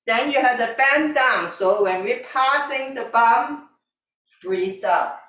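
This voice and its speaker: A woman teaching a tai chi class, calmly repeating breathing cues in simple, broken grammar. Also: on the high side, takes it slowly. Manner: calm, repetitive breathing cues, simple non-native grammar. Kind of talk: guiding an exercise class. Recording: echoey room, voice from a distance.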